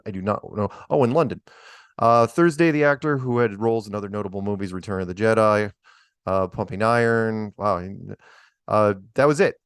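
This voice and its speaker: A man's voice: on the low side, moderate pace, smooth, dry recording, studio quality. A man hosting a casual livestream chat, telling stories in a rambling way with chuckles, restarts and mild swearing. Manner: swears mildly, drawls "man" and "right?". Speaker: host.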